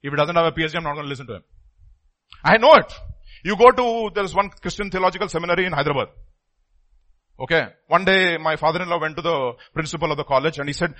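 A middle-aged man preaching a sermon, emphatic, repeating phrases and swinging between loud and soft. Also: on the high side, quick pace, poor audio.

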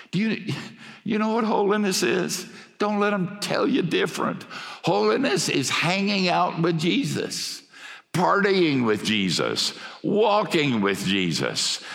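An older man preaching a sermon emphatically, swinging from hushed passages to shouts. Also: medium pitch, creaky. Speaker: pastor. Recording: long hall reverb.

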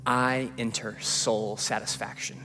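A man preaching a sermon as a pastor in a church, swinging from hushed pleading to rising, repeated refrains. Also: medium pitch, little pitch movement, a little slow. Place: church sanctuary. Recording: long hall reverb with faint music.

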